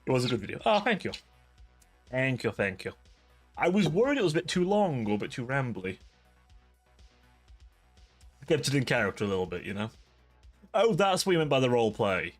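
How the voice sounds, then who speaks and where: A man's voice: medium pitch, sing-song, brisk, long pauses, soft background music. A young man hosting a live stream, chatting casually with his chat, rambling and laughing at himself. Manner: giggly, rambling, self-deprecating. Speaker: livestream host.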